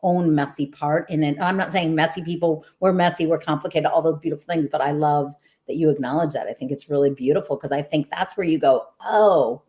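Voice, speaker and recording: A woman's voice: low-pitched, fairly quick, few pauses, warm tone. A woman who hosts a podcast and works as a coach, talking in an earnest, affirming and reflective way. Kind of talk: casual podcast conversation.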